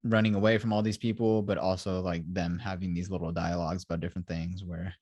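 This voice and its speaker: A young man hosting a casual review chat, retelling scenes in an animated way and acting out the characters he quotes. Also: low voice, quick pace, no room sound, highs cut off. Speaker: show host.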